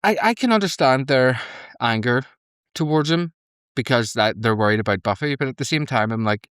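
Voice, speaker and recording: A young man co-hosting a podcast, recapping an episode in casual, animated chat and laughing often. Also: a little fast, clear, resonant tone, dry recording, studio quality. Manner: animated, laughing, mimics characters in high squeaky voices. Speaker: podcast co-host. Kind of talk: casual reaction commentary.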